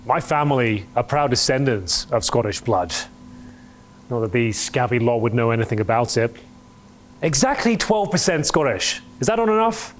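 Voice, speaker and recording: A man's voice: medium pitch, animated, moderate pace, roomy sound, a little hiss or hum, lightly acted. A man playing a pompous, theatrical self-declared survivalist and swordsman in a comedy sketch. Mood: haughty.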